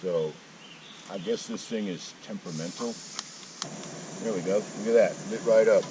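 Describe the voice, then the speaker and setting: A folksy man talks through his camp breakfast in a fairly low voice, easy and chatty, dropping in jokes as he goes. He sits a little back from the mic outdoors, with a faint hum of noise behind him. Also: normal speed, distant mic. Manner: folksy, chatty, joking asides. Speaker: outdoor vlogger. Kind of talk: casual camp-cooking vlog. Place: outdoor mountain campsite.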